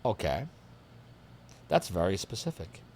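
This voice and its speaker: A low-pitched man with a lively, swinging delivery, casually streaming a mystery game. He reads the in-game articles aloud, then muses to himself in a chatty, thinking-out-loud way as he writes down clues. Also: measured pace, a little hiss or hum. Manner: chatty, thinks aloud while taking notes. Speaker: streamer playing a detective game. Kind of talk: casual live-stream commentary, reading game text aloud.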